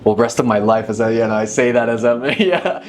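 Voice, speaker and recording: A man's voice: fairly low pitch, completely flat delivery, fast, darkish tone, faint music behind. A man in his thirties, a magician, talking reflectively as an interview guest, with frequent restarts. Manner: thoughtful, many restarts, leans on 'inevitably'. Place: dinner table.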